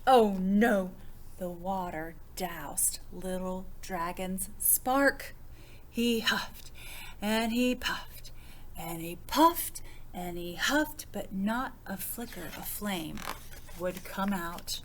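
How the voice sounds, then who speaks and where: A woman, a children's librarian, reading a picture book aloud with expressive, child-directed storytelling and questions to her young listeners. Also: mid-range voice, slow, slight background noise.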